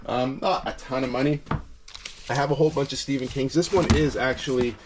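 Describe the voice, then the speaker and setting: A man's voice: medium pitch, fairly even intonation, fairly quick, background noise. Chill canadian guy talking resale stuff out in his shed, kinda rambly, lots of ums. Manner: easygoing, rambling, frequent fillers. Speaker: reseller vlogger. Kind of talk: casual vlog chat. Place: cold backyard shed with heater.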